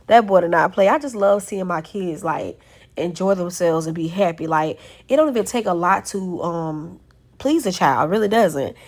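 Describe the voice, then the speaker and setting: A woman, telling a story to her viewers in a chatty, affectionate way and calling them baby. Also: fairly low pitch. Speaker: vlogger. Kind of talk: casual vlog chat.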